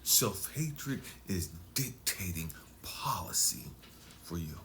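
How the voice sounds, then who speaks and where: This life coach has a deep voice and is very animated, speaking slowly through an intense motivational talk. He falls to hushed near-whispers before surging up for emphasis.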